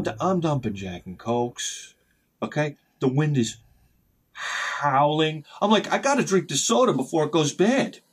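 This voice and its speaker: Husky, animated man telling a story. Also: on the high side. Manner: animated, profane, shouts when acting out his panic. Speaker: video host. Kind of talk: casual storytelling vlog.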